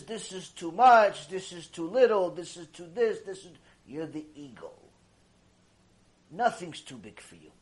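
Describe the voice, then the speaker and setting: A man giving an impassioned mussar lecture, exhorting his listeners and swinging between hushed and loud. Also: high voice. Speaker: Torah lecturer.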